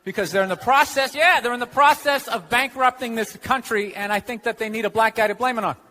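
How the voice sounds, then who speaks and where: An American comedian with a very high, sharp-toned voice speaks fairly quickly in a club stand-up set. He's sarcastic and ranting, and he swears often. The live recording picks up crowd laughter and room noise.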